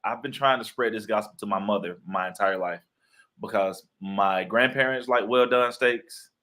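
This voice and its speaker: Playful low-voiced man telling stories. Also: moderate pace, sharp tone. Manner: playful storyteller, acts out quoted voices. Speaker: guest author and actor. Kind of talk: casual interview chat.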